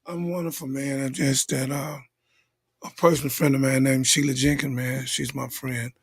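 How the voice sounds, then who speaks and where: A man, a minister and guest, speaking in a low, held-back voice as he tries to keep calm. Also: normal speed, dry recording. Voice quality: gravelly, husky. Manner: holding himself back, speaking low and tense. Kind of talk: interview conversation.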